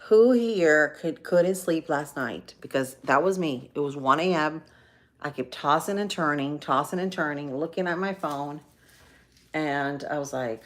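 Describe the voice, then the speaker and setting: A woman's voice: low-pitched, unhurried, a bit bright. A middle-aged woman chatting casually to viewers while cooking in her home kitchen. She rambles with lots of fillers and asides. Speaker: cooking vlogger on a live stream.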